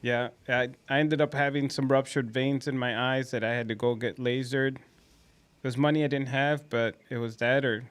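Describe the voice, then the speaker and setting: A man's voice: mid-range voice, steady tone, moderate pace, smooth. A man co-hosting a dental clinic podcast, telling stories in casual chat and acting out conversations with patients.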